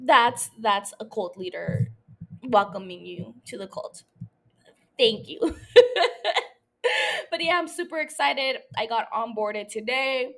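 A woman's voice: a little high, takes it slowly, creaky, long pauses, a bit bright. A young woman hosting her own podcast, chatting casually in a rambling, self-mocking way, swearing often and laughing. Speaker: podcast host. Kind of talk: casual solo podcast chat.

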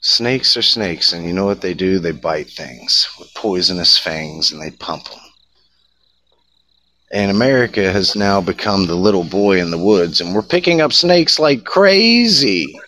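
A man hosting a campfire chat, telling a folksy story slowly with dramatic pauses. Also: sits low, bright, forceful tone, slight background noise, low-quality recording. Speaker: host.

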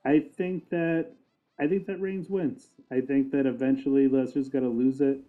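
A man's voice: medium pitch, steady tone, normal speed, faint music behind. Guy cohosting a wrestling chat, lots of um and like, laughs a lot, phone-line tinny sound. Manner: laughs often, thinks aloud with fillers. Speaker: podcast co-host.

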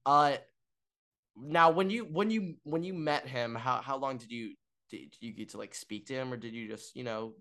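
A man's voice: mid-range voice, normal speed, a bit bright. A young man co-hosting a sports podcast, joking around and often restarting his sentences with fillers. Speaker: podcast co-host. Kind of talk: casual sports chat.

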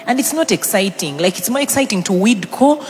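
A woman's voice: medium pitch, animated, fairly quick, a little hiss or hum. A woman chatting playfully as co-host, often laughing. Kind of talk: conversational chat. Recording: reverberant hall with faint ambience.

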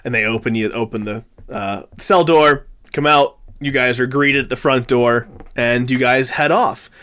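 A man narrating as game master of a tabletop role-playing game and voicing its characters, quick and conversational. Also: mid-range voice, fairly bright tone, smooth. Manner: quick, conversational, with restarts and laughs.

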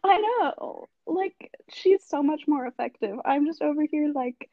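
A young woman co-hosting a podcast in casual chat, giggly and animated as she tells stories. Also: high voice, moderate pace, few pauses, no room sound, highs cut off. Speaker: podcast co-host.

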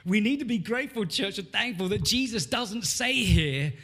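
A male pastor preaching a sermon in a church, animated and rising in emphasis when he reads scripture. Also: high-pitched, normal speed, breathy edge.

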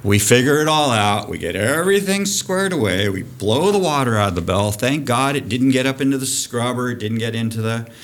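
A man in his fifties, a diving program director, telling a dive story on a podcast guest spot, animated and profane. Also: medium pitch, fairly quick, hardly any pauses. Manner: animated, profane storyteller who acts out shouting.

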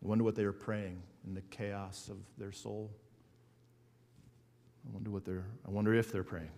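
A man preaching a sermon as a pastor, earnest and building emphasis with slow repeated words. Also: fairly low pitch, flat delivery, darkish tone. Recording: hall reverb.

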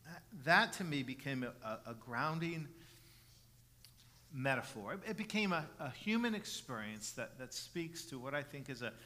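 A middle-aged man preaching a sermon as pastor, earnest, restarting phrases with repeated words and building from soft passages to loud emphatic ones. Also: mid-range voice, expressive, moderate pace. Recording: long reverb of a large hall.

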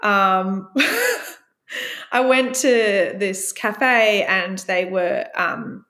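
A female guest recounts a candid personal story in a reflective, open way, voicing her past lines in a brighter tone. Her medium-pitched voice is expressive and very slow, recorded in an echoey room.

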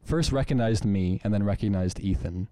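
A man's voice: on the low side, normal speed, warm tone, dry recording, studio quality. A young man from the American Midwest co-hosting a podcast, rambling through a story with restarts and swearing. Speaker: podcast co-host. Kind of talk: casual chat.

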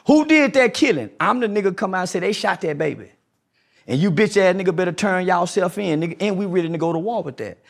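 A man with a notably high voice full of gravel and fry. He argues like a street preacher, confrontational and insistent, repeating the same rhetorical questions to drive his point home. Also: animated, fast talker. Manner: mocking impressions in a raised voice. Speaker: guest. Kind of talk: heated podcast interview.

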